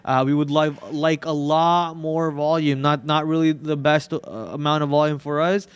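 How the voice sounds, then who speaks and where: Male trading-show host, smooth, somewhat high voice, loose joking delivery with restarts. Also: little pitch movement, moderate pace, no room sound, highs cut off. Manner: joking, rambling, repeats words. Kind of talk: casual live trading chat.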